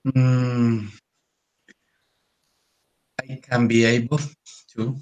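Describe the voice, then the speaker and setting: A male student answering in a language class, hesitant and halting, with many fillers. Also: medium pitch, little pitch movement, darkish tone, poor audio.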